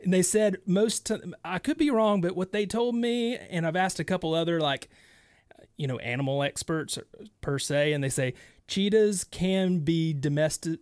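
A talk radio co-host telling stories with an animated delivery and frequent laughs. His voice is somewhat high for a man. The studio sound is dry and close. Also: normal speed, clear, resonant tone, no room sound. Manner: animated storyteller, laughs often. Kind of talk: casual talk radio storytelling.

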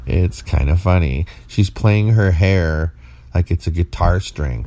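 Deep-voiced tired man rambling playfully. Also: slow, mellow. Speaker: podcast co-host. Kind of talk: casual late-night chat.

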